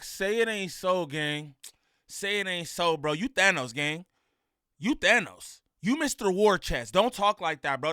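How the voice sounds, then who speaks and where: A man giving loud, slangy reaction commentary on video clips, laughing and mimicking the people in them. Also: high voice, expressive, measured pace, clean tone, dry recording, studio quality. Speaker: reaction streamer.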